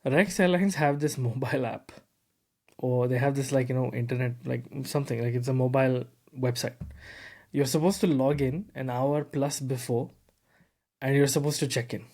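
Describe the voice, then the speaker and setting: A man hosting a tech podcast, telling a story in a lively, casual way with lots of fillers and repeated words. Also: medium pitch, normal speed. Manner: animated, repeats words, heavy fillers like "bro" and "you know". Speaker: podcast host.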